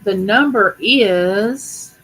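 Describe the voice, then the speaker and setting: A woman's voice: mid-range voice, drawn-out words, a bit bright, breathy edge, rough recording. Chatty older woman. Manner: chatty, affectionate, talks to viewers directly. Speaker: live stream host. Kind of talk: casual live chat.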